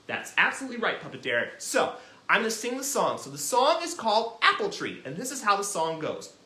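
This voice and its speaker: Man, children's music teacher, animated, encouraging, bright tone, echoey room. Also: high-pitched, fairly quick. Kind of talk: children's lesson.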